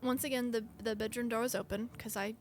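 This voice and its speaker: A woman co-hosting a casual podcast, telling a ghost story in an animated, halting way with many restarts. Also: on the high side, a little hiss or hum. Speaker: podcast co-host.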